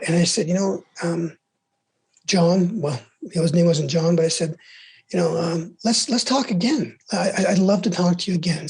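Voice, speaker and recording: On a podcast, a middle-aged man from the US gives heartfelt, encouraging guidance in a voice that sits high with a breathy edge. He frequently repeats himself and starts phrases over, and his sentences fade out gently at the ends.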